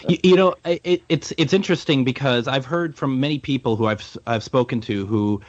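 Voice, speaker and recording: Male radio co-host, mid-pitched, hesitant questioner, muffled recording. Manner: halting, searching for words.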